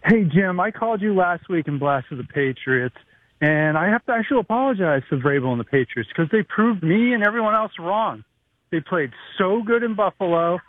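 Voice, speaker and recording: A man from the Boston area calling a sports talk show as an eager, excited fan. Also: sits high, normal speed, no room sound. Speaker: caller. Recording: tinny phone line.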